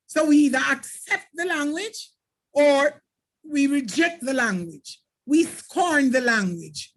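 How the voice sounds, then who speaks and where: A woman's voice: high voice, a bit bright. A woman from Jamaica with a Jamaican accent, teaching an exam preparation lesson and talking straight to her students in an emphatic, instructive way.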